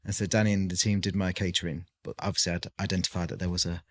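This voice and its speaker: Guest caterer, British man in his 40s, low voice, rambling and chatty, lots of ums. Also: little pitch movement, very fast. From United Kingdom. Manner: rambling, chatty storytelling with many fillers. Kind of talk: casual podcast chat.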